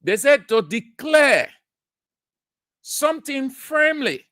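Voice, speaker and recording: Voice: sits high, very animated, takes it slowly, fairly bright tone, no room sound, studio quality. A radio talk show host, giving opinionated commentary in a lecturing, emphatic way, repeating key phrases and asking rhetorical questions. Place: radio studio.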